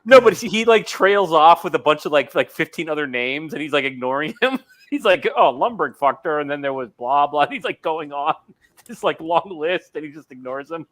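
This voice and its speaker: A man cracking crude jokes as a podcast co-host, laughing easily. His pitch swings widely, which makes his delivery sound animated. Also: moderate pace. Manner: wisecracking, laughing. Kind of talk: crude casual chat.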